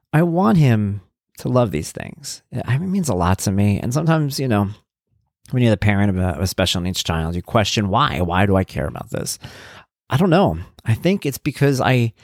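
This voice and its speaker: A middle-aged man hosting a podcast, telling stories about his son in a casual, animated way and getting worked up as he talks. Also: on the low side, gravelly, dry recording, studio quality. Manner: animated storytelling, gets worked up, acts out quotes. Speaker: podcast host, parent of an autistic son.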